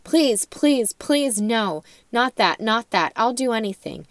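A woman's voice: a little high, animated, slow pace, no room sound, voice pushed up. A woman reading as a sobbing old wizard begging. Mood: pleading. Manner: pleading, desperate. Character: broken old male wizard, sobbing and pleading. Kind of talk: reading aloud from a book.

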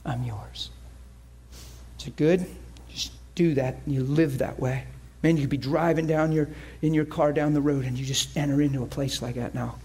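A man's voice: on the high side, fairly even intonation, a little fast, few pauses, mellow, husky. Emotional preacher man, laughing often. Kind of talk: sermon.

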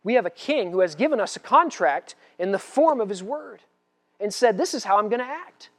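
A man preaching a sermon with lively conviction. He booms out big declarations, then drops to quiet, confiding asides, and slips in humor along the way. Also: brisk. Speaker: pastor.

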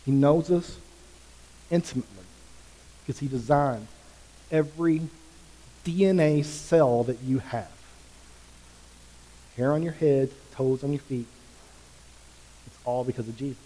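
A man preaching a sermon as pastor, with passionate emphasis that swings from quiet to loud. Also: mid-range voice, a little slow, pauses often. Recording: long reverb of a large hall.

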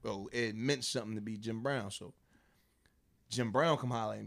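A man's voice: lowish voice, steady tone, moderate pace, vocal fry, pauses often. A man telling a story in casual chat, loose and rambling, full of fillers, acting out what people said. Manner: loose, drawling storyteller, lots of fillers, acts out quotes.

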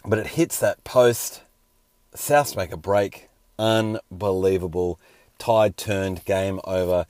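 A man's voice: low voice, slow, darkish tone, no room sound. A man hosting a casual sports round-up, a little scratchy and hungover, with wry joking asides. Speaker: host.

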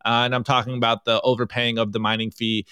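A man co-hosting a casual podcast, reviewing memes with animated, jokey delivery and frequent laughs. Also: mid-range voice, fast, clean tone, no room sound, clean studio sound. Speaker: co-host.

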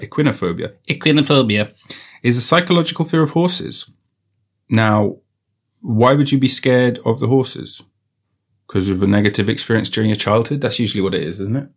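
A man hosting a comedy podcast into a studio mic, riffing playfully and repeating bits in silly voices. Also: on the low side. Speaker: podcast host. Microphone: studio microphone.

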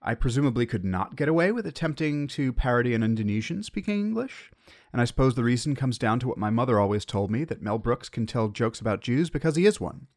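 American male podcast host, mid-pitched voice, reflective solo monologue, musing and wry. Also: expressive, fast talker, a little mellow. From United States. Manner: musing, self-questioning, wry.

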